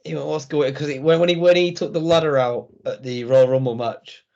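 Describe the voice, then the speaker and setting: A man chats about wrestling, circling back and restarting as he tells stories. His voice is fairly high with a gravelly fry, and the recording sounds dull and lo-fi. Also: steady tone, a little fast, a little mellow. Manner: rambling, restarts and stumbles. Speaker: wrestling podcast co-host. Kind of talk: casual review chat.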